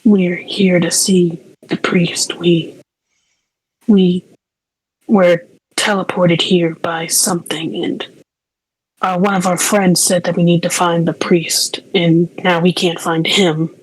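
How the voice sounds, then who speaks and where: A shaken young man, as a woman plays him, halting and half-whispered, with a lowish, slow delivery. The sound is dry and close. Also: flat delivery, breathy edge, no room sound, poor audio. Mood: urgent. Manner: halting, tearful, often whispered. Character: emotional young man reunited with his mother.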